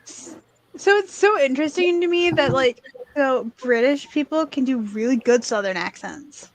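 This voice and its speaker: A woman who is a guest on a stream, chatting casually in an animated way and laughing a lot. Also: high voice, unhurried, poor audio. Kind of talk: casual chat.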